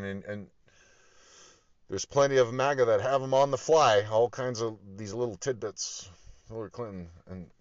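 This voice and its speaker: Dude ranting on a podcast, swears a lot, kinda dull lo-fi sound, dry. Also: male voice, fairly low pitch, dry recording. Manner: profane, exasperated, rambling with laughs. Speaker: podcast host. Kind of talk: casual political rant.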